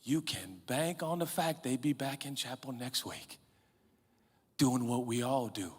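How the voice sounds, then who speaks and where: A man in his forties, a pastor, preaching a sermon in an animated, humorous, conversational way, out of breath and sweating. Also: mid-range voice, unhurried, husky. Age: 40s. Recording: reverberant large hall.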